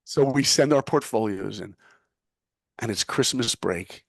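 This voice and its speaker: A man's voice: lowish voice, unhurried, gravelly, dry recording, studio quality. A middle-aged man from New York telling a story in a punchy, motivational way as a guest. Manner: punchy, motivational, acts out quoted voices. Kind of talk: animated storytelling.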